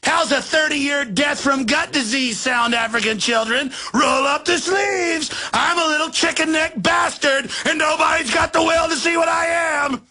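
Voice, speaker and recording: A man's voice: extremely high pitch, sharp tone, raised voice, pitched above the performer's own voice, exaggerated voice. A man mocking a simpering nerdy billionaire. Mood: gloating. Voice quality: thin, whiny, nasal mockery. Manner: mocking, drawn-out and hesitant with fake filler sounds.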